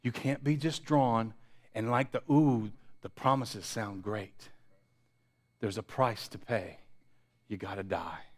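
A pastor preaching a sermon, building intensity through repetition and dropping to quiet asides. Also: male voice, medium pitch, takes it slowly. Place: church sanctuary.

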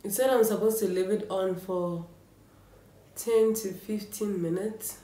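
A woman's voice: medium pitch, fairly even intonation, measured pace, warm tone. A young woman from South Africa, chatting casually and nervously to camera in a home vlog, thinking aloud as she goes. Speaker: beauty vlogger. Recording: echoey room.

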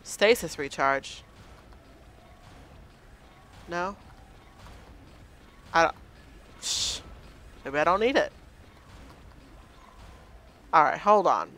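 Male let's-player, high and slow, hesitant self-talk over gameplay. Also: lively intonation, sharp tone. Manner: hesitant, muttering to himself while figuring out controls. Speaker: gameplay commentator. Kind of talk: let's play commentary.

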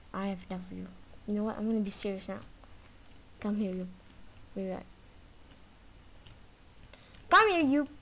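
A woman giving lively commentary while playing a video game, taunting the chaser and yelping when it gets close. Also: mid-range voice. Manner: animated, talks trash to the game's chaser, sudden yelps and shrieks. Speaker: gaming video creator. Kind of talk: live gameplay commentary.

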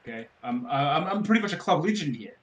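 A man's voice: on the high side, expressive, fast, fairly bright tone. A young man in casual gaming banter, laid-back and teasing, laughing easily. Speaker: co-player.

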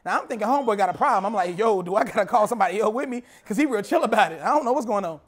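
A young man preaching a sermon, telling a story and repeating phrases as he builds to shouting. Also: sits high, expressive, racing. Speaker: pastor.

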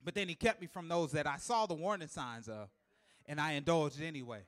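A man preaching a live sermon in a church, repeating key lines for emphasis and building to loud, emphatic shouts, with chuckles between points. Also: on the high side, fairly quick. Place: church sanctuary.

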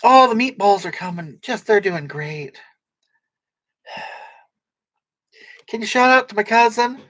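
A woman performs a brash, boozy livestreamer who rambles through viewer comments and snaps back with sarcasm. Her mid-pitched voice sounds dry and close to the mic. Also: animated, slow pace, a bit bright, slightly rough, no room sound, heavily acted. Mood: snarky. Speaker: livestream comedy character. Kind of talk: improvised comedic livestream chat.

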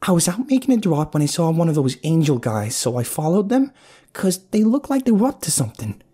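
Guy doing a scared young woman calling for help, quick and urgent, real high. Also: very animated, husky. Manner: urgent, sharp, hurried. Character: young woman gang member, panicked.

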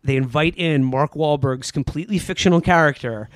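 A man's voice: fairly high pitch, a little fast, dry recording. Dry, sarcastic man recapping a movie. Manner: sarcastic, animated storytelling with put-on quotes. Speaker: podcast co-host. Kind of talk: comedic casual movie recap.

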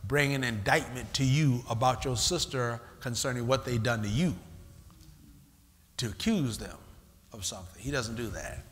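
A man's voice: on the high side, sharp tone. A man preaching a sermon, calling out to the congregation and acting out church members. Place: large church hall. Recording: live church recording with long hall reverb.

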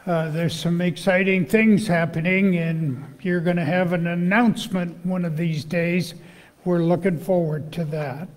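A male pastor, hoarse from losing his voice, speaks slowly and deliberately from the pulpit with a fairly high pitch for a man. Pauses and small fillers break up his announcements and scripture reading. A long reverb from the church hall trails behind each phrase. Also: level tone. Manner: slow, measured, pausing with fillers. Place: church sanctuary.

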